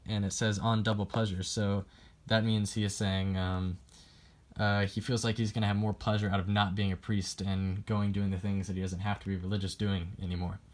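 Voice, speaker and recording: A man's voice: lowish voice, level tone, moderate pace. A young man giving a class presentation on a poem, hesitant and full of ums, reading quotes aloud as he explains them. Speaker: student presenting a poem analysis.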